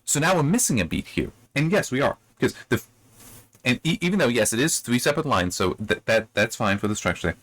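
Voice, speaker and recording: A man giving a casual spoken critique of a book chapter, rambling with many restarts and sudden rises in pitch when he gets worked up. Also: animated, a little fast, a bit bright, no room sound. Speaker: book reviewer.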